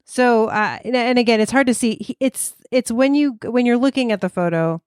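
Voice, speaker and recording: A woman co-hosting a casual podcast discussion, chatty and quick to laugh as she brings up each case. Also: fairly high pitch, darkish tone, clear, resonant tone, no room sound, studio quality. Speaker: podcast co-host.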